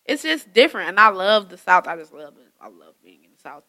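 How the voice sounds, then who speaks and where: Young woman co-host, swinging pitch, bright voice, profane and lively banter. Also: quick pace. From Michigan. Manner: animated, laughs often, profane. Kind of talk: casual chat.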